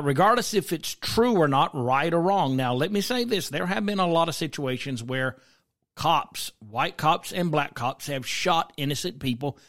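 A middle-aged man with a drawl hosts his own show, speaking in a voice pitched a little above most men's. He talks his listeners through his opinions in a loose, conversational way, often turning to ask what they think and slipping into stories from his own life. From South Carolina. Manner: conversational, asks listeners questions, storytelling asides. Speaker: podcast host. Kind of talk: opinionated commentary.

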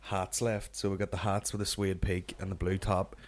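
A man's voice: low-pitched, level tone, moderate pace. Sweary Northern Irish man podcasting. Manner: sweary, rambling and jokey. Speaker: podcast host. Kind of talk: casual comedic banter.

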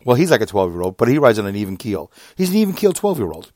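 A man in his fifties, a podcaster, telling a long casual story about an online argument, exasperated and animated, his voice often jumping up high. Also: fast talker, no echo, studio quality. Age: 50s. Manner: animated, exasperated, with sudden jumps up in pitch; reads out messages.

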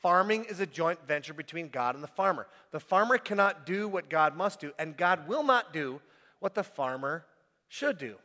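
A man preaching a sermon, animated and emphatic, sometimes rising to a shout and then dropping back to quiet reading. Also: a little high, moderate pace. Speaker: pastor. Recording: long hall reverb.

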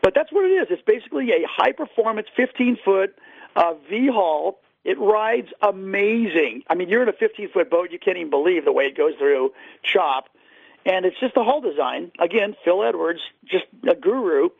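High gravelly man on a phone line. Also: animated, moderate pace, dry recording. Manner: enthusiastic storyteller, many fillers. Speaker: fishing guide and boat seller. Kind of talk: casual radio interview. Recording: dry, tinny phone line.

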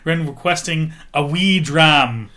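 Podcast co-host, self-styled loudmouth, bright and forceful. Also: male voice, a little high, slow. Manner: loud, self-described loudmouth. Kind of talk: casual banter over drinks.

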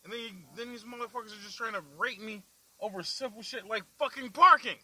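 A man's voice: high voice, quick pace, bright, forceful tone, low-quality recording. A young man driving through the city, ranting angrily and profanely, laughing at himself now and then. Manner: angry, foul-mouthed, laughing at himself. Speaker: vlog host. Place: in a car in the city.

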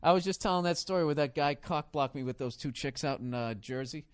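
A man hosting a podcast in a loose, cursing storytelling chat, with a slightly higher voice than most men. He jumps into loud mock shouts as he tells it, and the sound is dry and close with no room around it. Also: quick pace, smooth, no room sound. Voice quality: profane and animated, bursts into loud mock shouts. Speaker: podcast host.

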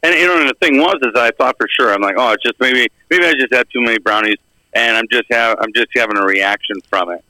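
Bright-voiced man telling a rambling story. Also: mid-range voice, fast, no room sound, low-quality recording. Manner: rambling, acts out quoted dialogue. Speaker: podcast co-host. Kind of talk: casual storytelling.

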